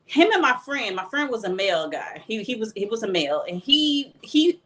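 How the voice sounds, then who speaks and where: A woman's voice: fairly high pitch, big pitch swings, normal speed, a bit bright. A woman from Texas speaks as a guest on a podcast, telling her own story. Her delivery is candid and plain-spoken, and she slips into the voices of the people in the story as she goes. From Texas, USA.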